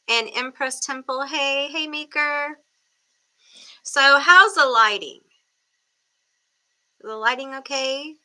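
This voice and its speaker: A woman's voice: high voice, steady tone, slow, pauses often, bright, forceful tone. A woman hosting a tarot livestream from her room, chatting casually on a webcam and greeting viewers by name. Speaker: tarot reader livestream host.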